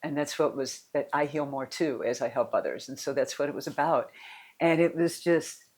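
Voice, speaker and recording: A woman's voice: low voice, moderate pace. Middle-aged female coach, casual and candid, meandering personal talk. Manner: candid, rambling, with restarts and soft laughs. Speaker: mental fitness coach.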